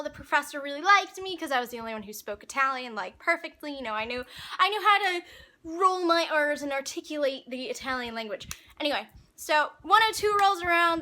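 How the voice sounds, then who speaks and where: Bright high-voiced young woman telling a story. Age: young adult. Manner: chatty, animated, lots of fillers and asides. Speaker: vlogger. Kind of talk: casual storytelling.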